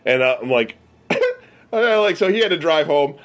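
A man's voice: fairly high pitch, expressive, normal speed, fairly bright tone. A man from the US Midwest telling a rambling, profane story among friends, full of fillers. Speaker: podcast regular.

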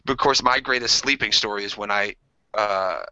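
A man co-hosting a casual podcast chat, telling animated stories and acting out the voices in them. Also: on the low side, moderate pace, smooth, no echo. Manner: animated storyteller, acts out voices. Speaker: podcast co-host. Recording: dull lo-fi podcast audio.

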